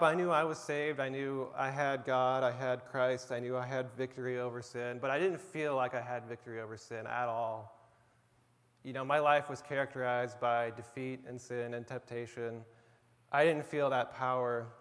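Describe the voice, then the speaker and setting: A young man preaching a sermon in a relaxed, conversational storytelling way, with casual asides to listeners. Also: medium pitch, normal speed. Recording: long reverb of a large room.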